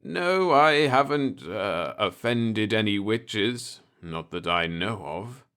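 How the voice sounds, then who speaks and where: A man's voice: lowish voice, expressive, takes it slowly, fairly bright tone, clean tone, heavily acted. A man voicing an older, timid homeowner who speaks in a hesitant, mild and apologetic way. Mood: worried.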